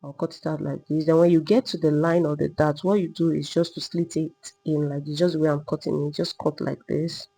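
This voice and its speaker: A woman teaching a step-by-step sewing tutorial, calmly talking through each move while she drafts and cuts a pattern. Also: low voice, brisk, vocal fry, hardly any pauses, breathy edge, poor audio. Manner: patient, repetitive demonstrating, talking while working. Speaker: sewing instructor.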